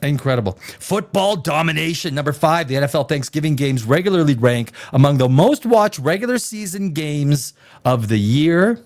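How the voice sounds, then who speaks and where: A man's voice: fairly high pitch, expressive, moderate pace, darkish tone. A man hosting a casual live stream, rambling and joking with many fillers and restarts. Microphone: desk microphone.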